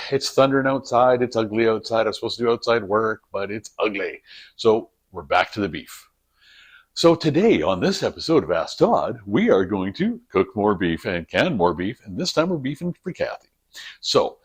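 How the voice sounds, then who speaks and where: A man hosting a home cooking vlog, chatting in a rambling, jokey way while he works in his kitchen. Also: on the low side. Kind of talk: casual cooking vlog chat. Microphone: camera on a tripod.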